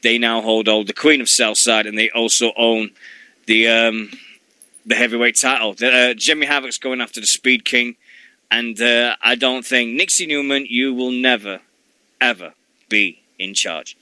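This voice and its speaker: Bright, sweary man chatting. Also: medium pitch, fairly even intonation, normal speed, smooth, dry recording. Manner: swears freely, rambling and jokey. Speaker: wrestling radio host. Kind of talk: casual chat.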